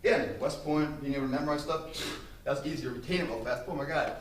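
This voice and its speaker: A man giving a speech to an audience, telling brash, profane, animated stories. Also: on the high side, fast talker, slight background noise. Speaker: motivational speaker. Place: room with an audience. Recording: roomy, distant mic, faint ambience.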